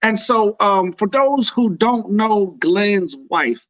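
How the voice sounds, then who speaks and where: A man with a slightly high voice, telling a story with playful mock tears. His voice sounds dry and a little dull, like lo-fi call audio. He talks in relaxed podcast chat. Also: takes it slowly, dry recording. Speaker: podcast co-host. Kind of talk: casual chat.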